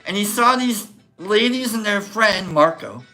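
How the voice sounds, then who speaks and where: A man's voice: high voice, measured pace, soft background music. A man hosting a casual podcast, telling a story with energy and acting out the voices of the people in it. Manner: animated, acts out quoted voices. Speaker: podcast host.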